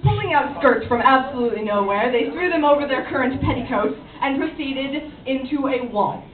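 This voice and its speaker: A woman's voice: high-pitched, expressive, normal speed. A woman improvising a story at a fan panel, rambling with laughing asides. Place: convention panel room. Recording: distant, echoey, phone-like, crowd noise.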